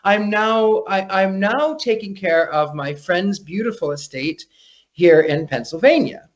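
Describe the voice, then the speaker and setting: A man's voice: high-pitched, expressive, measured pace, highs cut off. A man talking as a guest psychic in a casual interview, telling stories with lots of restarts over a remote call. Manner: chatty storyteller, frequent restarts.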